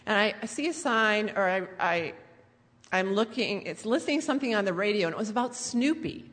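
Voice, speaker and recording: A middle-aged woman tells family stories in a sarcastic, teasing way. Her voice is bright, and it rings with the long reverb of a large hall. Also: mid-range voice, animated, brisk. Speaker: daughter telling family stories. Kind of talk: humorous storytelling to an audience.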